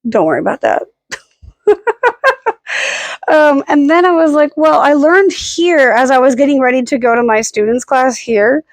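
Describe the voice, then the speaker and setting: Casual vlogger, woman, a bit high-pitched, rambling and self-mocking, dry close sound. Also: expressive, fairly quick, few pauses, dry recording. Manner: rambling, self-deprecating, with frequent "like" and "um" fillers. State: hiccuping and burping. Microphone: camera held at arm's length.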